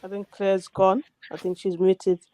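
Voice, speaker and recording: A man in a heated online debate, talking hesitantly with many fillers and a loud voice. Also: high-pitched, level tone, measured pace, no room sound, low-quality recording. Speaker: debate participant.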